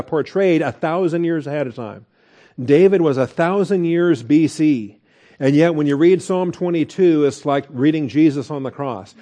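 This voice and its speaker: A man's voice: a little high, warm tone. A middle-aged man preaching a conversational sermon, asking rhetorical questions and growing emphatic. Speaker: pastor.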